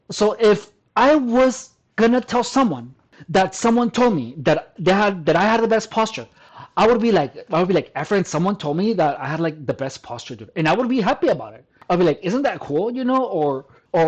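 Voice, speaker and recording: A man's voice: high-pitched, rough recording. A man talking straight to the camera in a casual monologue, emphatic, often repeating and restarting his phrases. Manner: addresses listener as dude and man. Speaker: personal trainer vlogger.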